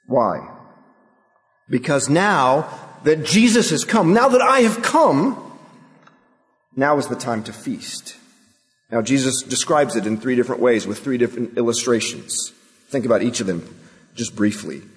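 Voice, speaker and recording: Male pastor, higher-pitched, emphatic sermon delivery, long reverb. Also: sing-song, normal speed. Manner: rhetorical questions, emphatic.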